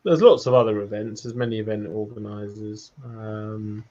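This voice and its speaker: A man's voice: fairly low pitch, steady tone, moderate pace, mellow, dull audio. A man joining a casual online chat, giving short, dry replies.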